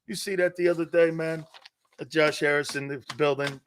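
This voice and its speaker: A man hosting a sports talk show, brash and excitable, laughing often as he needles his co-hosts. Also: on the high side, moderate pace, slight background noise. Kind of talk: loud opinionated sports radio talk.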